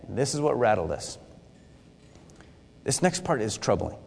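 A man's voice: on the high side, very animated, normal speed, big-room sound. A man preaching a sermon in a conversational way, acting out scripture with asides. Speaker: pastor.

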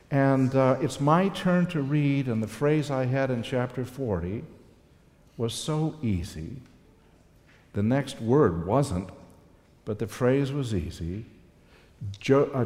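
A man speaks unhurriedly in a reflective, sermon-style talk, building to heartfelt swells. His voice sits at an ordinary pitch and carries the long reverb of a large hall. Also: a little mellow. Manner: earnest, reflective storytelling with emotional swells.

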